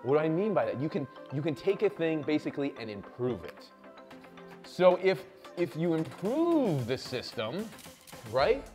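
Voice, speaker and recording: A high-voiced man riffs through an energetic motivational business talk, pushing hard and swearing freely. He keeps checking in with "right?" and "okay?" as if pumping up a crowd. Faint music runs underneath. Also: normal speed. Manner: loud, swearing, hyped, lots of "right?" and "okay?". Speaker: show host.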